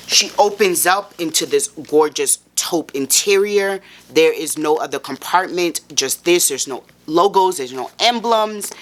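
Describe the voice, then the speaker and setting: A woman's voice: on the low side, a bit bright. A woman vlogger in a casual, chatty haul review, gushing and playful as she talks straight to her viewers. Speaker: fashion vlogger.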